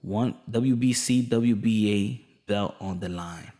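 Speaking slowly in a warm, lowish voice, this man delivers opinionated boxing commentary. He's a passionate, emphatic commentator who circles back to the same points using casual slang.

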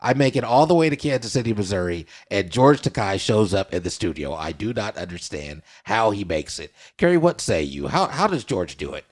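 A man's voice: lowish voice, big pitch swings, brisk, few pauses. A man hosting a casual studio chat show, playful and theatrical, keeps turning to his audience. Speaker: show host.

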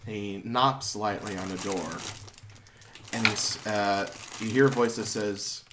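A man narrating as game master of a tabletop game, describing scenes in an unhurried way with frequent fillers. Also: on the low side, steady tone, noisy background.

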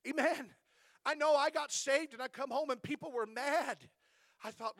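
High-voiced fervent preaching pastor. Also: male voice, moderate pace, no room sound, clean studio sound. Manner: fervent preaching with repeated amens; rising to impassioned, louder stretches. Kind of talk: sermon. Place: church.

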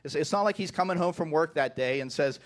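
Man preaching with a slightly high voice. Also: fast. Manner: repeats words at the start of phrases, asks the listeners "right?". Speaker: pastor. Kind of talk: sermon.

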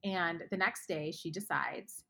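Woman, guest author, faith podcast, earnest storytelling, hushed asides, bright tone, husky. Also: fairly low pitch, a little slow.

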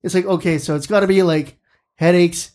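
A man's voice: high-pitched, fairly even intonation, fairly quick, a little mellow. A man co-hosting a casual hockey chat, thinking aloud earnestly with frequent restarts. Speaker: podcast co-host.

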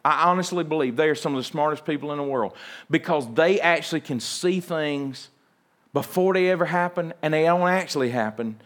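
Man, pastor, sermon, folksy, animated, high voice. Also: brisk.

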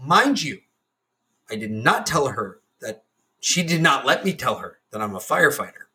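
A man's voice: mid-range voice, very animated, normal speed, pushed and bright. A man in his forties telling a story casually on a podcast, profane and laughing as he goes. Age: 40s. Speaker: podcast co-host.

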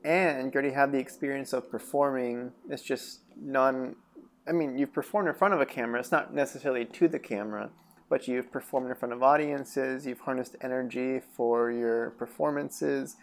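A man hosts a relaxed podcast interview in a mid-range voice with a gravelly edge. He strings his questions together in long, multi-part runs. His tone stays conversational and easygoing. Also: mid-range voice, moderate pace. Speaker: podcast host.

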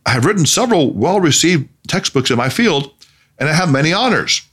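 A man's voice: on the high side, very animated, brisk, fairly bright tone, slightly rough, full character voice. A man doing a pompous, thundering psychiatrist. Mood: boastful. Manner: thundering, self-important. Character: pompous proud male psychiatrist, irritable.

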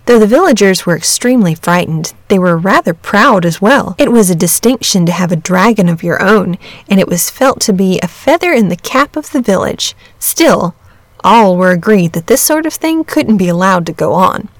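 A woman reads a storybook aloud at a measured, gentle pace. Her voice sits in an ordinary middle range for a woman. The recording is dry and close, with no room sound. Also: mid-range voice, expressive, no echo. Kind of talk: scripted narration of a storybook.

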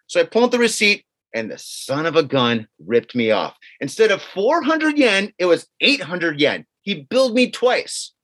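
At normal speed, a high-pitched man co-hosts a podcast and tells a casual story. He animatedly voices what others said, throwing in some swear words.

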